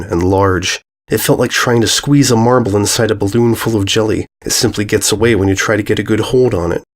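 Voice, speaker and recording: Man narrating a dark fan story. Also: mid-range voice.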